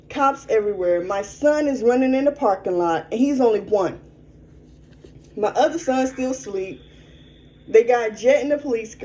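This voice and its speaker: A woman's voice: on the high side, warm tone, poor audio. A young adult woman telling a personal story frankly as an interview guest, in a conversational way. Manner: frank, conversational, quick to vent.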